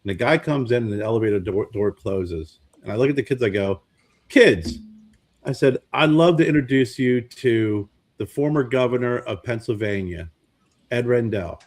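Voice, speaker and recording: Male podcast co-host, medium pitch, animated storyteller, relaxed chat. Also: normal speed. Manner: animated storyteller, acts out quoted voices.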